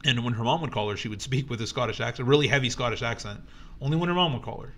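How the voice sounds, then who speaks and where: A man's voice: mid-range voice, very fast, fairly bright tone. Young male podcast co-host, casual, rambling, filler-heavy. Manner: rambling with many fillers and restarts. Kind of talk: casual chat, reading news aloud.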